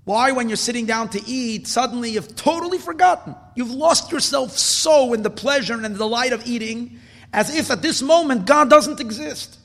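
A high-pitched man gives a Hasidic Torah lecture, pronouncing his with an inflection. He swings from hushed, low reflection to loud, insistent preaching and doubles his words for emphasis. His voice carries a long reverb, as if in a large hall. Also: normal speed. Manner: builds from low, quiet musing to loud, emphatic exhortation; repeats words for stress. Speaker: rabbi teaching Torah.

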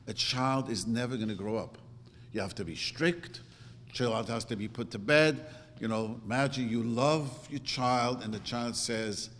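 A middle-aged man giving an earnest, repetitive religious teaching, with sudden jumps in pitch. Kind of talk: Torah class sermon. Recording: roomy hall reverb, faint noise.

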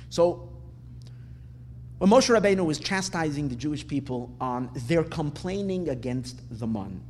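A man giving a Torah class, animated and repeating words for emphasis. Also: a little high. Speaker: Torah teacher. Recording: long reverb, faint ambient noise.

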